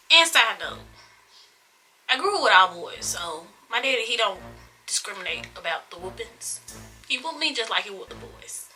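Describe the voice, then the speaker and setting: An eighteen-year-old woman telling a personal story to her viewers in a casual, expressive, drawn-out way. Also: on the high side. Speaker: vlogger.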